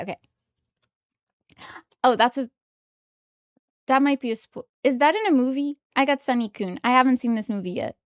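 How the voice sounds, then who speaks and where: A young woman streaming from home, chatting casually and giggling excitedly as she opens trading cards. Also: sits high, no echo, clean studio sound. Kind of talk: casual live-stream chat while opening trading cards.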